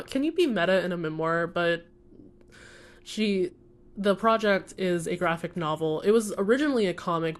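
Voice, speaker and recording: A young woman chatting casually about books she read, earnest and rambling with lots of fillers. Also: fairly low pitch. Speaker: book vlogger. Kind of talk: casual chat while coloring.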